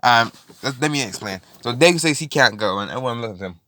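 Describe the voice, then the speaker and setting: A man's voice: mid-range voice, expressive, fast talker, few pauses, sharp tone, dry recording, clean studio sound. A man casually retelling a fan story, rambling with many fillers.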